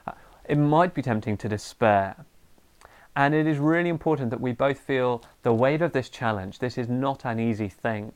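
A middle-aged man delivers a sermon in an animated way. His pitch sits in a middling range for a man, and at times he acts out a ranting parent. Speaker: preacher.

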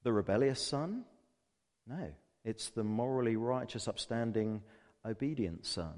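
A man's voice: medium pitch, expressive, measured pace, a little mellow. A man preaching a sermon, earnest and emphatic, asking rhetorical questions and reading scripture aloud. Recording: long hall reverb.

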